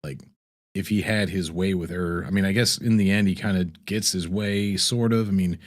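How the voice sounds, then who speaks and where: A man with a slightly low voice hosts a relaxed live stream. He rambles loosely, reads viewer comments aloud and laughs often between thoughts. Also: normal speed. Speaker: livestream host. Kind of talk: casual live-stream chat.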